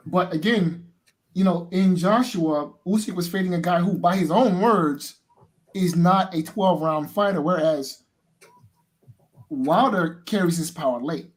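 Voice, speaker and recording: A man giving casual boxing analysis as a show guest, halting and restarting as he thinks. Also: high voice. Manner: halting, lots of fillers and restarts.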